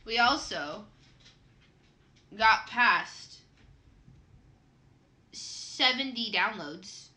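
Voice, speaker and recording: A woman's voice: on the high side, animated, very slow, pauses often, pushed and bright. A young Midwestern American woman co-hosting a podcast, chatting casually and laughing often. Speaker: podcast co-host. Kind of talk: casual chat. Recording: echoey room with faint noise.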